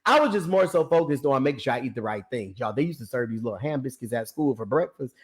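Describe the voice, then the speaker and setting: A man's voice: mid-range voice, animated, quick pace. A young man with a preacher's manner, talking about fitness, calling out to his listeners and laughing often. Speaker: ministry founder and personal trainer. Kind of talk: lively preaching-style talk to an online audience.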